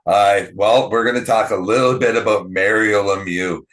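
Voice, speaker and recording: A man's voice: lowish voice, fairly even intonation, normal speed, a bit bright. A male podcast host asking prepared interview questions in a friendly way.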